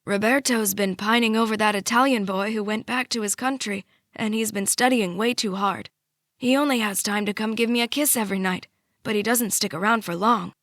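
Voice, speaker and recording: A woman narrating an audiobook voices a frail, slightly breathless older grandmother who talks tenderly and teases gently. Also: mid-range voice, steady tone, fairly quick, dry recording, studio quality, natural voice. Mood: affectionate. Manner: tender, doting, gently teasing. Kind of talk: audiobook character voice.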